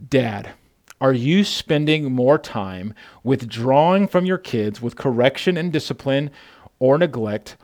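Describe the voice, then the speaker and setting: A man preaches a sermon with a voice of ordinary pitch. He talks right to his listeners, calling them brother, and often repeats words. He swells into loud, passionate calls to action. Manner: speaks directly to the listener as brother. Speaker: pastor.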